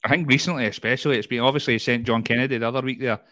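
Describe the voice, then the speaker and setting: A man's voice: medium pitch, fairly even intonation, racing, fairly bright tone, dry recording. A Scottish man hosting a casual football chat podcast, rambling and often repeating his words. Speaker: podcast host.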